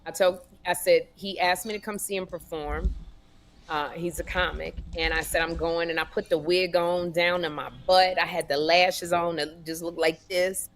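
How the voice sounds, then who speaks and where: A woman co-hosting a comedy podcast, telling stories in a sassy, animated way and acting out voices. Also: on the low side, normal speed. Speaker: podcast co-host. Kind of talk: casual comedic storytelling.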